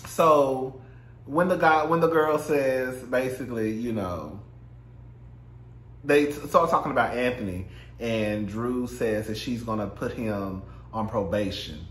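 A man's voice: mid-range voice, slow, long pauses, roomy sound. A man casually recapping a reality show, sassy and profane, laughing often and mimicking the cast. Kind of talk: casual chat.

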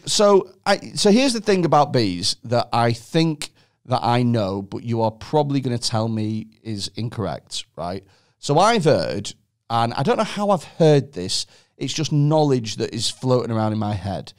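A man hosting a podcast, telling stories in an excitable, sweary, comedic way. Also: mid-range voice, unhurried. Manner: animated, sweary, excitable storytelling. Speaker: podcast host. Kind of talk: casual comedic chat.

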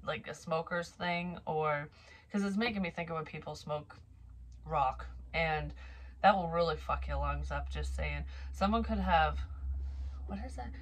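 Casual low-voiced woman giving a psychic reading. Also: unhurried. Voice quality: casual and profane, rambling. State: occasional cough, slightly wheezy. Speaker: psychic reader. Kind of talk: tarot reading monologue.

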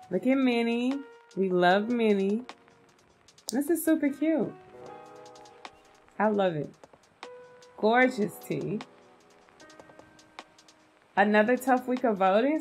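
A woman's voice: a little high, animated, slow, long pauses, soft background music. A woman giving casual, gushing commentary on a video game, chatting to her viewers and calling them "y'all". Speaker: game content creator.

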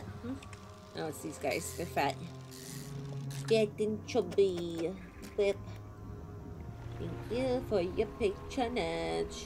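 A playful young woman chatting her way through a game stream, unhurried and giggly, with sudden squeals that leap high and drop back down. Her pitch sits in the middle of her range, and faint game music plays underneath. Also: animated. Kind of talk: casual live-stream game commentary.

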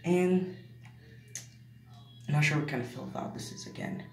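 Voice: mid-range voice, moderate pace, gravelly, faint music behind. A channel host giving a rambling, easily amused show-and-tell of a toilet, filmed on a phone in a bathroom. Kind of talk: casual show-and-tell vlog. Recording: echoey room with running water.

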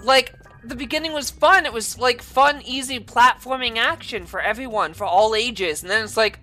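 On her gaming channel, a woman rants about the gameplay and swears all the time, going from mutters to screams. She keeps a moderate pace with few pauses and a sharp tone, backed by soft music.

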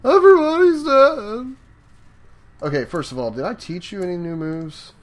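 A man hosting a let's play, giving casual gameplay commentary and swearing loudly at setbacks. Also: on the high side, brisk.

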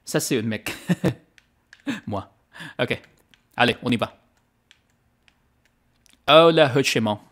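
A man putting on a hammy French-speaking gentleman persona during a gaming livestream, with theatrical, sing-song exclamations. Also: medium pitch, slow pace, long pauses. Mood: playful.

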